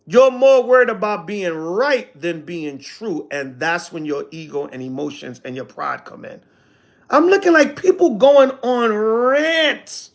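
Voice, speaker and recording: A man's voice: high voice, unhurried, creaky. A man speaking as an elder to a livestream audience, talking casually in with slangy, sarcastic asides and answering comments. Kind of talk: casual livestream teaching, reading chat comments.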